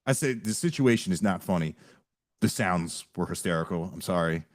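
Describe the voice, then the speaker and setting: A man on a podcast telling stories in an animated way, acting out what other people said and often laughing along. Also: deep voice, normal speed. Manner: animated storyteller, quotes people in acted voices, laughs often. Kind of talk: casual chat.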